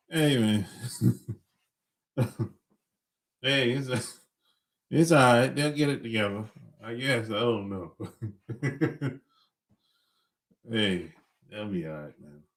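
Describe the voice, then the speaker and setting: Slow, laid-back middle-aged man, lively pitch. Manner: laid-back, chuckles between points, blunt slang. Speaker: podcast host. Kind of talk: casual opinionated monologue.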